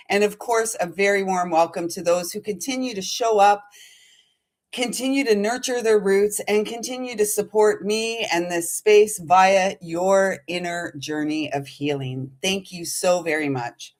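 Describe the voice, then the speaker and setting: Middle-aged woman, spiritual channel host; bubbly, giggly casual chat, middle pitch. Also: unhurried. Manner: bubbly and giggly, sings snatches of songs.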